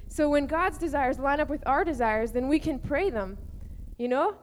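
A woman's voice: sits high, animated, normal speed. A young woman speaking earnestly to teenagers at a youth camp, teaching about prayer in a casual, heartfelt way. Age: young adult. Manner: earnest, rising to impassioned cries when acting out prayer. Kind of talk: informal teaching to teens. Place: camp meeting hall. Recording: long reverb of a large hall.

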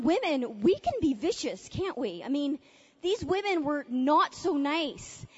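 A woman speaking at a conference, telling a personal story in an animated way and acting out her own past thoughts. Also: high-pitched. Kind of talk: testimony-style talk to a conference audience. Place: large conference hall. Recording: dull lo-fi capture in a large reverberant hall.

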